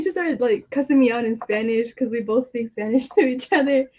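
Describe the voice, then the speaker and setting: A young woman on a podcast as a guest, telling a story in a casual, animated way and acting out the voices of friends on a video call. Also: sits high, a little fast. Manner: animated, acts out quoted friends. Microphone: computer mic on a video call.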